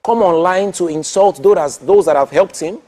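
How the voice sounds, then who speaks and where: A man's voice: sits high, normal speed, darkish tone. A man co-hosting a morning TV entertainment segment, giving emphatic and playful opinions. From Nigeria. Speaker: entertainment news co-host. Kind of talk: morning TV banter and commentary. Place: TV studio.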